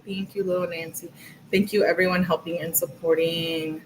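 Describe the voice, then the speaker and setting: A woman's voice: on the low side, level tone, moderate pace, a little hiss or hum, poor audio. A woman hosting a casual livestream, chatty and rambling as she reads through text messages and thanks her viewers. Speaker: livestream host.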